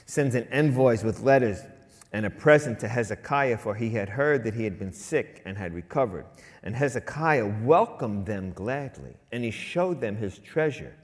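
A middle-aged male pastor preaching in a conversational way, with an average-pitched voice. He leans loud on key phrases and drops soft for asides. His voice trails off in a long hall reverb. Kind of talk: sermon.

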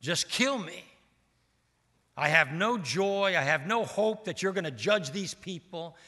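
Man acting out a despairing prophet, pleading, heavy emphasis, bright tone, long hall reverb. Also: high voice, expressive, measured pace, heavily acted. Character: despairing bitter male prophet begging to die.

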